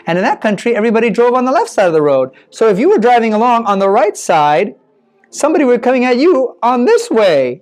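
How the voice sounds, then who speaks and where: A man telling a children's mission story, animated and playful, with spoken sound effects. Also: sits high.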